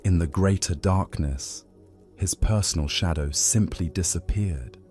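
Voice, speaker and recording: Faint, soft music sits beneath a man telling a calming Zen sleep story. His voice is very low and deep, and he narrates in a slow, even, soothing way.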